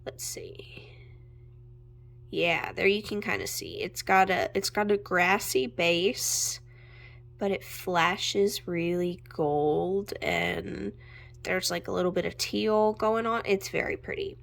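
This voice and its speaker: Slow, creaky-voiced woman gushing over makeup. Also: on the low side. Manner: chatty, gushing, drifting in and out of soft whispers. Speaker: makeup vlogger. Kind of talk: casual chat while swatching makeup. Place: home room with natural light.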